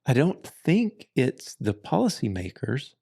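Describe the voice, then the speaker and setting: A man co-hosting a podcast, explaining things in a measured, casual way. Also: medium pitch, huge pitch swings, gravelly, a little mellow, slightly rough. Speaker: podcast co-host. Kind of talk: casual conversation.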